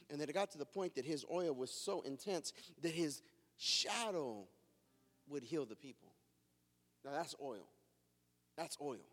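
Animated preacher man in a reverberant hall. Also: fairly high pitch. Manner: animated, self-mocking storytelling. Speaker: pastor. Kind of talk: sermon with personal stories. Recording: long reverb of a large hall.

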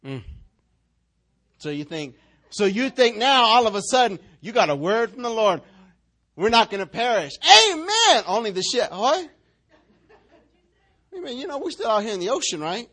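A male pastor, preaching a sermon in an animated, joking way and acting out the people in the story. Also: high voice, moderate pace, long pauses. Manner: animated, joking, acts out quotes.

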